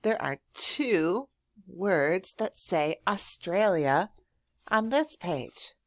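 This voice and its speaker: A woman teacher giving a slow, encouraging lesson to young children, drawing out words and praising often. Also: lowish voice, lively intonation, dry recording, studio quality. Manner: drawn-out words, frequent praise and thinking hums.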